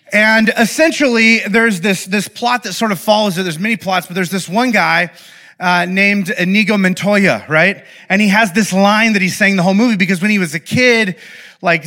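A young man speaks to a live audience in an animated, playful way, regularly checking in with his listeners. His voice sits high for a man and sounds bright and forward, with a lot of pitch movement. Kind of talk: lively talk to a live audience.

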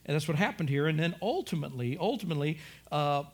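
A man preaching a sermon, telling the story in an animated way, acting out voices and rising to shouts. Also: fairly high pitch, fast. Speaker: pastor.

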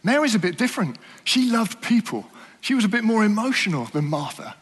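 A man preaching a sermon in a church, earnest and questioning, often dropping to soft, slow emphasis. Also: sits high, very animated, breathy edge, big-room sound.

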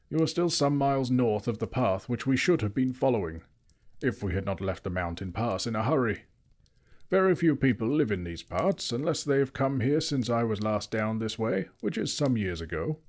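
A man's voice: medium pitch, darkish tone. A man reading aloud, voicing an old male wizard who lectures emphatically and turns cross easily.

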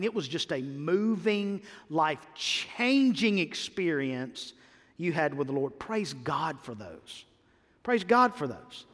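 A male pastor preaching a sermon, repeating phrases and rising to loud exclamations. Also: high-pitched. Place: church sanctuary. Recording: long hall reverb.

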